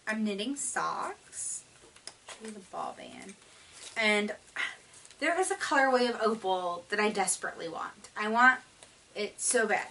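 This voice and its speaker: A woman's voice: mid-range voice, pushed and bright, distant mic, rough recording. A woman hosting a knitting video podcast, talking in a chatty, rambling way with lots of fillers. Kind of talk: casual chat.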